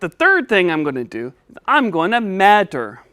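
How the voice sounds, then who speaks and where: A woman playing a lively puppet boy who swaps S for T in a lisp. He talks in a bouncy, overeager way, his voice leaping up and down in pitch. The sound is dry and close, like a children's learning video. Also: a little slow, no echo. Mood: eager. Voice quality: lisp that turns S into T. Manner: bouncy, eager and easily overexcited.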